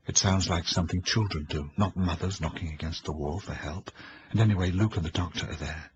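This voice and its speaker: A man's voice: low-pitched, brisk, husky, highs cut off, exaggerated voice. A man reading frightened young woman Eleanor. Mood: uneasy. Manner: tense, fearful inner voice. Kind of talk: audiobook reading.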